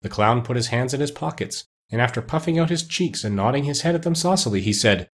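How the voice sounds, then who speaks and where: A man narrating a children's storybook aloud, expressive and unhurried. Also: mid-range voice, slightly rough.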